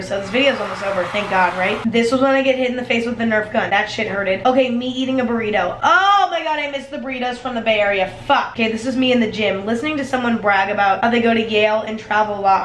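A woman's voice: a little high, a bit bright, reverberant, slight background noise. A young woman vlogging casually, sarcastic and self-deprecating, swearing often. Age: young adult. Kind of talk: casual vlog commentary.

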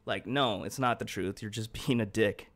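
A man with a fairly low voice streams a video game at normal speed, rambling and swearing to his chat. He gets heated, then turns apologetic.

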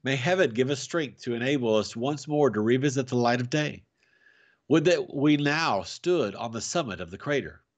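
Man as a desperate young nephew, animated and urgent. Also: mid-range voice, normal speed, breathy edge. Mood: pleading. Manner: excited, vehement. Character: young male nephew, exhausted, pleading to turn back. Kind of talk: reading a novel aloud.

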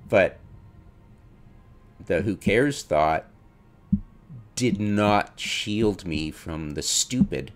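A man's voice: deep voice, animated, extremely slow, pauses often, faint music behind. A man commenting on his own gameplay, mocking his mistakes, laughing often and acting out his inner voice. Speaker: gamer streamer.

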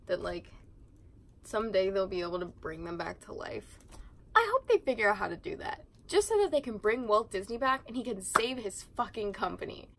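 A woman's voice: mid-range voice, sharp tone, low-quality recording. A teenage girl chatting casually while cleaning her room, sarcastic and swearing freely. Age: teens. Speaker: vlogger.

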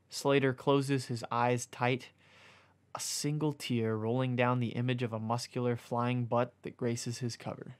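A man's voice: medium pitch, measured pace, clear, resonant tone. Man reading a novella aloud. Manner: deadpan reading broken by amused asides and self-corrections. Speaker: reader.

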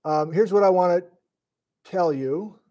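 A man's voice: sits high, unhurried, warm tone, muffled recording. A middle-aged man from Wisconsin, a sleep-deprived geology lecturer, thinking aloud in a flustered, casual live-stream lesson. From Wisconsin, USA.

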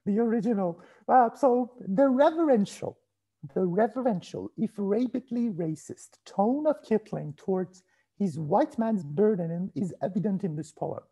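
A man giving a formal university lecture over a video call, reading his prepared text in a measured way and asking for the next slide. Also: sits high, mellow, slightly rough. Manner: measured, formal delivery that asks for slide changes.

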